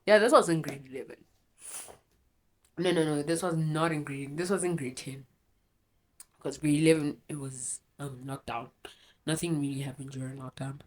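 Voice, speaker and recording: A young woman talks through a painful memory, her low voice thick and teary from crying. She rambles, corrects herself and swears freely, raw and unpolished. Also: normal speed, long pauses, darkish tone. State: teary, runny nose from crying. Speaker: storytelling vlogger. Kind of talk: candid personal storytime.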